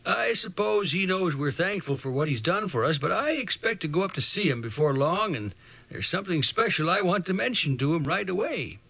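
A man reading aloud, voicing a gentle, white-whiskered old man who speaks quietly with a trembling voice. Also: high voice, expressive, vocal fry, husky, dry recording, full character voice. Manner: quiet, slow and earnest.

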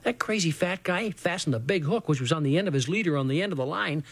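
A man reading a first-person adventure story aloud, in a lively, earnest storytelling manner. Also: on the high side, quick pace, no room sound.

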